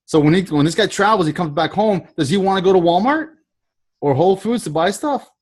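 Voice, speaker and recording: Man coaching on a video call, higher voice. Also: expressive, fairly quick, darkish tone. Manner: rambling, restarts sentences, repeats phrases. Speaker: sales trainer leading a group call. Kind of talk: casual coaching talk.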